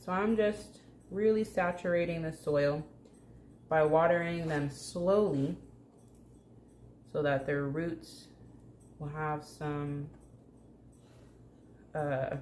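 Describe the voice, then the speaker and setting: A woman's voice: sits low, slow, long pauses, darkish tone. A woman hosting a casual home plant-care vlog, chatty and jokey, talking to her plants as she works. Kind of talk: casual hands-on vlog chat. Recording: echoey room with faint hum.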